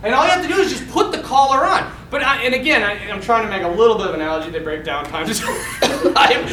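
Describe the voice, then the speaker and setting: A man's voice: extremely high pitch, animated, quick pace, bright, forceful tone, roomy sound, slight background noise, poor audio. A man, a Catholic priest, telling casual stories with frequent laughs, jokes and side stories. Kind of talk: casual storytelling to listeners.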